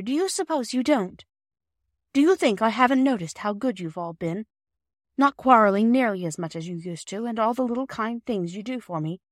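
A woman reader voicing a weary, loving mother in a storybook reading, speaking softly and tenderly. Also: dry recording, clean studio sound, natural voice. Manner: soft, tender, low-key.

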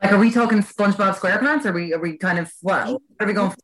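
A woman's voice: medium pitch, poor audio. Teasing Irish woman co-host. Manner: quick, teasing interjections. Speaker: podcast co-host. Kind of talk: casual chat.

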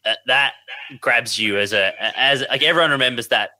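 Bright-voiced Australian man on a panel. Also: mid-range voice, normal speed, no room sound. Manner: reflective, acts out quotes. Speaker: comedy panelist. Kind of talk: comic panel banter.

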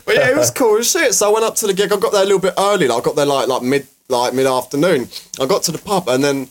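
Young man, quick excitable storyteller, higher voice, rapid talk, casual podcast chat. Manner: animated storyteller, mimics voices, many fillers. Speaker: rapper guest.

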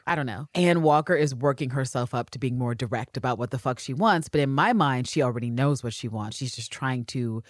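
A woman co-hosting a podcast in a casual recap chat, animated and swearing freely as she acts out characters' lines. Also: a bass voice, normal speed, hardly any pauses, no echo, clean studio sound. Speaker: podcast co-host.

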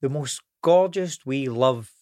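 A man's voice: medium pitch, takes it slowly, warm tone, dry recording. A Scottish man, an actor guest, chatting casually and rambling with frequent restarts and free swearing in a podcast studio.

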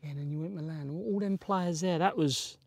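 A man hosting a casual chat, matey and quick to banter. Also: on the high side, vocal fry, no echo. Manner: matey, banters and laughs along. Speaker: host.

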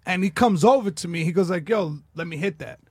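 A man's voice: high voice, fairly quick, a little mellow, breathy edge, dry recording. A man rambling through crude, loose stories on a casual podcast. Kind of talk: casual comedic chat.

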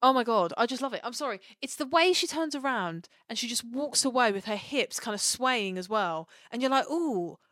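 A woman co-hosting a podcast in casual chat, excitable and gushing, acting out quotes. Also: a little high, fairly quick, few pauses, no room sound, clean studio sound. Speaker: podcast co-host.

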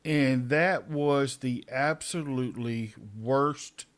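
A man's voice: medium pitch, slow. A middle-aged man co-hosting a podcast in casual chat, a chatty storyteller who laughs often. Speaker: podcast co-host.

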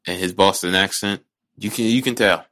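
A man's voice: deep voice, normal speed, sharp tone. A man co-hosting a casual movie podcast, talking bluntly and profanely, often restarting his sentences. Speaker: podcast co-host.

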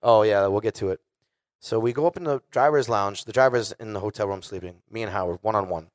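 A man telling stories on stage with animated delivery, swearing constantly and acting out other voices. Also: fairly low pitch, fast, dry recording, studio quality. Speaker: guest musician telling stories. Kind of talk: casual storytelling on stage. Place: live show before an audience.

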